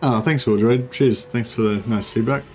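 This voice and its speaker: A man's voice: medium pitch, steady tone, moderate pace, darkish tone. Rambling Australian man streaming a game. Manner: rambling, filler-heavy, laid-back. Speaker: gaming streamer. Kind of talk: casual livestream commentary.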